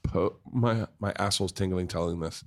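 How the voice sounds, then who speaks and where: A man's voice: sits low, steady tone, moderate pace. A man hosting a podcast, telling rambling, profane anecdotes in casual chat at a pub. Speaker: podcast host.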